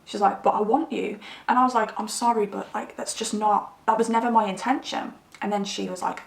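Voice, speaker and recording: A young woman giving a casual tarot reading to camera, rambling and animated as she tells stories. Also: a little high, fairly quick, creaky. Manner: chatty, rambling, animated storytelling. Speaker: tarot reader. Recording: roomy, slightly distant mic.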